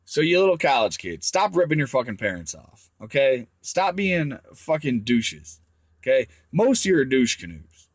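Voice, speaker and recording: A man's voice: medium pitch, sing-song, moderate pace, dry recording. A man ranting crudely to young viewers, swearing constantly as he gives blunt advice. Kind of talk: profane rant to camera.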